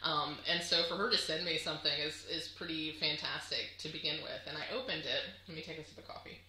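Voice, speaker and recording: A woman's voice: sits low, steady tone, brisk, pushed and bright, reverberant, rough recording. A woman chatting casually to camera on her crafting vlog, gushing and chatty with lots of fillers. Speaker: crafting vlogger.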